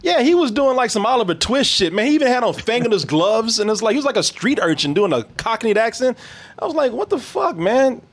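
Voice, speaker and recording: A male podcast host chatting loosely, swearing and laughing often. His slightly high voice swings widely in pitch. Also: lively intonation, fast talker, few pauses. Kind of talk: casual chat.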